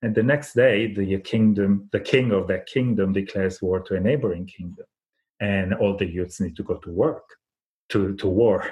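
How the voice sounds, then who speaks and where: A man's voice: low-pitched, fairly even intonation, normal speed, a little mellow. A man speaking as an interview guest, telling a folk parable in a thoughtful, reflective way with frequent restarts. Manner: thoughtful, many restarts and fillers. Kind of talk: reflective conversational storytelling.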